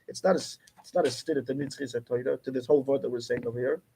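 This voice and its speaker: A man's voice: mid-range voice, fairly even intonation, very fast, gravelly, mellow, slightly rough. A man teaching a Torah class, arguing insistently with his students and mixing in Yiddish and Hebrew terms. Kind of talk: heated study-class debate.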